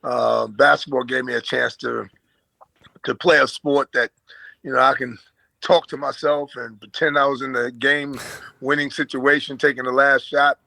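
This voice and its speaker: An older man from Brooklyn with an American accent and a slight Australian twang, chatting as an interview guest and telling stories in a relaxed way with fillers and chuckles. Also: medium pitch, normal speed, vocal fry, dry recording, poor audio. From Brooklyn, New York. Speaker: guest, former basketball player. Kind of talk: casual storytelling in an interview.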